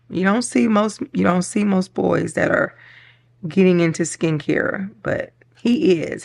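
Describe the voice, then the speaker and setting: Middle-aged lady with a low voice, rambly planner chat, laughs a lot, kinda choked up. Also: gravelly. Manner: chatty, rambling, laughs often. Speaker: planner vlogger. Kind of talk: casual chat while decorating a planner.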